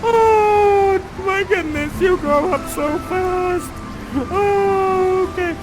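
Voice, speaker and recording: Weepy, doting goddess mother, very high and gushing; a man doing the voice. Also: drawn-out words, loud music behind the voice, exaggerated voice, poor audio. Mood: tearful. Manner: weepy, gushing, sing-song.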